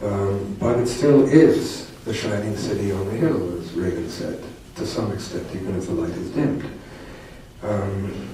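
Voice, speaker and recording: An older man with a lowish voice tells a personal story, wry and reflective, often restarting his sentences. He is heard from a distance in a very echoey hall, with steady noise behind him. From Canada. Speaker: poet and political commentator. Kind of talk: storytelling talk to an audience.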